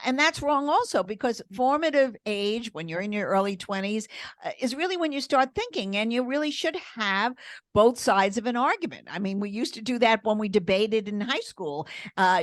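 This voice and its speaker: A woman's voice: medium pitch, no room sound, studio quality. An older woman co-hosting a casual chat, giving emphatic opinions in long runs with fillers. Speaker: grandmother co-host.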